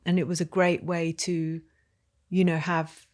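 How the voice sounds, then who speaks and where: A woman's voice: fairly low pitch, level tone, a little slow, darkish tone. A woman hosting an interview, asking thoughtful questions that ramble a little. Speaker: podcast host. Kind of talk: interview conversation.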